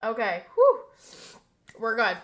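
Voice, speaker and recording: Young woman, streamer, casual chat, animated, bright tone, slightly high voice. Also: takes it slowly. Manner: chatty and animated, venting gossip and reacting to chat. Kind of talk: casual chat with live viewers.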